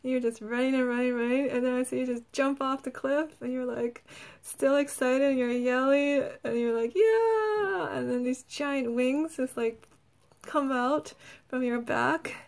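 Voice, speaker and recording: A woman energy healer who talks gently and soothingly in a guided healing session, laughing often and saying "like" a lot. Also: high-pitched, little pitch movement, normal speed.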